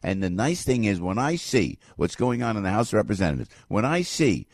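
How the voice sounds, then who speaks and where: A man hosting a morning radio talk show, talking in a casual, opinionated way, excitable and jokey, often jumping loud and high. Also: a little fast, dry recording, clean studio sound. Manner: animated, excitable, jokey, swings loud and quiet.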